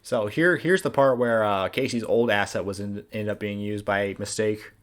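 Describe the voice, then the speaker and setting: Guy rambling through a commentary track for his cartoon, lowish voice, lots of uhs. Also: moderate pace, a little hiss or hum. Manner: casual, rambling, with many fillers. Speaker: creator of the animated series. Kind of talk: director's commentary voice-over.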